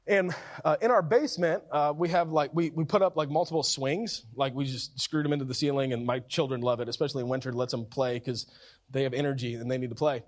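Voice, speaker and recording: A man preaching a sermon as pastor, talking conversationally, repeating and restarting phrases, with swings from loud and urgent to soft and quiet. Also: mid-range voice, fairly even intonation, quick pace.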